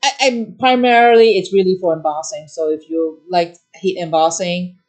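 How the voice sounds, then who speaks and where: A middle-aged woman hosting a live craft-supply demo, explaining products in quick, chatty bursts with fillers. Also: lowish voice, fairly even intonation, a little mellow. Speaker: craft shop host.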